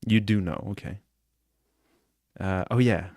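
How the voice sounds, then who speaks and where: Give me an earnest, rambling man with a low voice on a dry mic, chatting casually on a live stream. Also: measured pace, darkish tone, dry recording. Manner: earnest and rambling, often asks "you know what I'm saying?". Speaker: streamer reacting to a clip.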